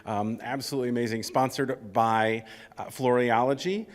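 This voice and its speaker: An upbeat male emcee welcomes a trade show audience and introduces the next speaker, speaking eagerly with frequent fillers. His voice is mid-pitched and rings out in a large hall with long reverb. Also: fairly even intonation, moderate pace. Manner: upbeat, enthusiastic, filler-heavy. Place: large ballroom stage. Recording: reverberant ballroom sound.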